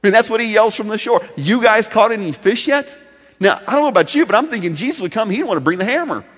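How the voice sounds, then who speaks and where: A male pastor preaching a sermon in a storytelling way, swinging from loud emphasis to soft, intimate delivery. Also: high voice, lively intonation, racing, slightly rough, big-room sound.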